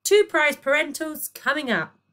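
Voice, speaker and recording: Woman doing a breathy, flirtatious goddess. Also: sits high, animated, a little slow, sharp tone, pitched above the performer's own voice, heavily acted. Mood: purring. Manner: breathy, purring. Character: flirtatious goddess posing as a mum.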